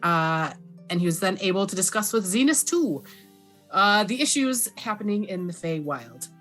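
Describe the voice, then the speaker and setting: A woman narrating a tabletop game as dungeon master, halting with many fillers. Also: mid-range voice, animated, fairly bright tone, faint music behind.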